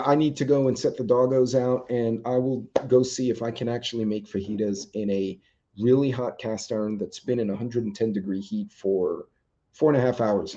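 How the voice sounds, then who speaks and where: Warm and mid-range, this man's voice leads a casual live stream where he loosely chats with viewers and reads their comments. He rambles with many ums, and the stream audio sounds dull and lo-fi.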